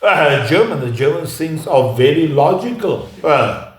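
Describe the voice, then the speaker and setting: A man with a somewhat raised pitch lectures off the cuff, stopping often to search for words and restarting his sentences. His voice rings around a reverberant room. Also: expressive. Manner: halting, with frequent "uh" pauses and restarts. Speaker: speaker giving a talk. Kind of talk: unscripted lecture. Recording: echoey room.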